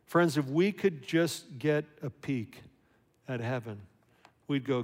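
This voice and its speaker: A man's voice: medium pitch, takes it slowly. A man preaching a sermon as a pastor, talking conversationally and asking his listeners questions. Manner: conversational, animated, rhetorical questions. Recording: long hall reverb.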